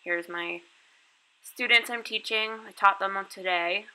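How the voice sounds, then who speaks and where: On a screen recording, a woman who teaches English online chats her way through her lessons step by step, dropping casual fillers as she goes. Her voice sits at medium pitch, bright and forceful, and she takes her time. The audio quality is poor.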